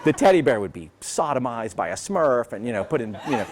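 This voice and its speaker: Male guest speaker, sardonic and rambling, profane, very lively pitch. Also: brisk, a crowd in the background, background noise. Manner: sarcastic, rambling, profane, peppered with "right?" and "you know". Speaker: guest speaker at a business event. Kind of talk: animated conversational storytelling.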